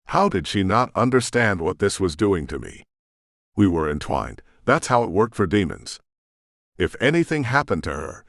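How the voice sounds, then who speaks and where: A man narrating a first-person fantasy audiobook with intense, expressive storytelling, on a close studio mic. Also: sits low, no room sound.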